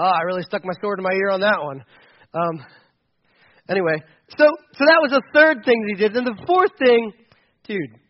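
A man preaching a sermon in a church, casual and animated, acting out the lines of scripture as he goes. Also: high-pitched, dull audio. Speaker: pastor. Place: church building.

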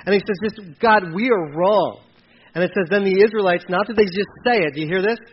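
A man teaching a sermon in a high voice, talking through scripture in a loose, conversational way with frequent fillers and restarts. The recording is dull and muffled, with a faint hiss underneath. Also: fairly quick. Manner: conversational, reads verses aloud, many fillers and restarts. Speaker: preacher.

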